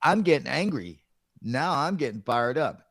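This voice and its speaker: A man's voice: medium pitch, expressive, normal speed, creaky, fairly bright tone, no echo, studio quality. A middle-aged man and radio show host, casually telling a story and acting out the other people's lines.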